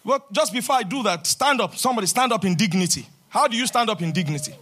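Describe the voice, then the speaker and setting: A man preaching a fervent sermon in church, swinging between loud shouted declarations and quieter talk. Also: high voice, expressive, quick pace. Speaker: pastor.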